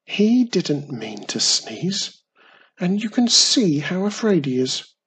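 A bossy but tender young witch, as a storyteller puts her on, lifted high above the reader's usual voice. There is a gravelly, raspy grain under her scolding, and she turns gentle and coaxing with little creatures. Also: very animated, slow, exaggerated voice. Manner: scolding yet soothing. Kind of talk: storybook reading.

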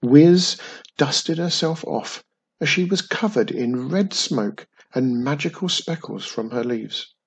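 Brief: male children's storyteller, breathy tone, lively pitch. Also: slow.

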